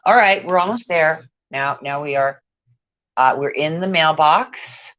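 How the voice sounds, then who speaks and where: A woman's voice: low voice, expressive, unhurried, fairly bright tone, no echo. A woman on a casual livestream, profane and exasperated, muttering to herself as she goes. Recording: dull lo-fi sound.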